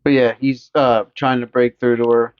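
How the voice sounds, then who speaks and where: A man co-hosting a casual podcast, telling a film's story in a loose, rambling way, with plenty of swearing and fillers. His voice sits at a middling pitch. The audio is dull and lo-fi. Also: level tone, smooth. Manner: rambling, profane, acts out characters in quick voices. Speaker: podcast co-host. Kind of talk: casual movie recap chat.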